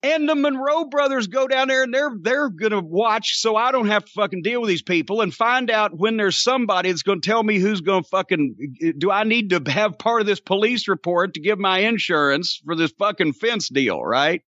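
A man hosts a podcast and tells a long, profane story, acting out his own yelling along the way. His voice sits very high and sounds sharp and forceful. The recording is dull and lo-fi, with a dry, close sound. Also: normal speed, hardly any pauses, no room sound. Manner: profane, animated, reenacts shouting. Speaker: podcast host. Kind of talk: storytelling rant.

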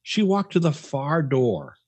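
A man's voice: fairly high pitch, wildly swooping pitch, slow pace, darkish tone, slightly rough. A man co-hosting a podcast, telling stories in casual chat, swearing often and restarting his sentences. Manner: profane, rambling storyteller with restarts. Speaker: podcast co-host.

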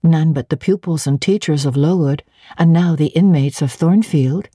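A woman's voice: sits low, moderate pace, slightly rough, no echo, studio quality, pitched above the performer's own voice. A woman voicing an earnest young governess. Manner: quiet, earnest, plain-spoken.

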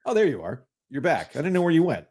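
Male sports podcast host, animated and jokey, very lively pitch. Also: slightly rough. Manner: animated, jokey, mock-indignant rants. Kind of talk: casual sports chat.

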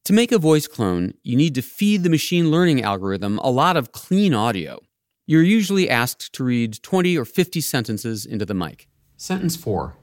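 A man's voice: medium pitch, very animated, moderate pace, no echo, studio quality. A man hosting a podcast, narrating his script in a wry, playful way. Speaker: podcast host.

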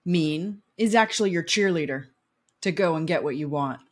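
Low-pitched woman hosting an interview. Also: moderate pace. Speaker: podcast host. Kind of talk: interview chat.

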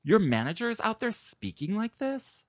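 A man co-hosting a podcast in casual chat, talking in an animated, indignant way and laughing often. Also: sits high, normal speed, dry recording, studio quality. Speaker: podcast co-host.

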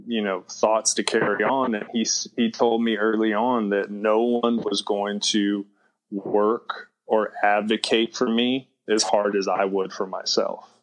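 A man's voice: fairly low pitch, poor audio. A younger man, a filmmaker guest, talking casually in a rambling way, full of "you know". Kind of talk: casual interview chat.

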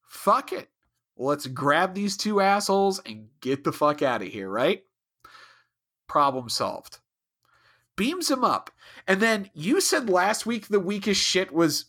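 A man's voice: high voice, bright, forceful tone. A man co-hosting a casual podcast, ranting with exasperated profanity and mocking impressions. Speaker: podcast co-host.

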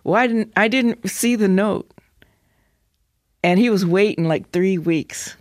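A woman in her seventies, an actress being interviewed, telling stories in an animated way with halting restarts. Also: medium pitch, no room sound, studio quality. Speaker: actress guest. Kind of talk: interview storytelling.

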